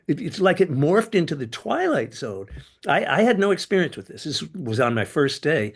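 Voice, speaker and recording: An older man, a podcast guest, telling personal stories in a casual interview, with sudden leaps in pitch and loudness as he gets into them. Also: normal speed. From United States. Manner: animated storyteller, sudden jumps in pitch and loudness.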